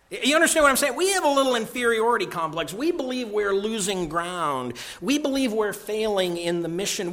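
Male pastor, sermon delivery, slightly raised pitch, emphatic with loud-to-hushed swings and repeated phrases.

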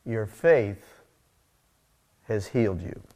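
A calm, gentle teacher speaks softly and kindly, as a preacher puts him on. His voice stays quiet and steady, with no rush at all. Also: fairly low pitch, slow, voice pushed down.

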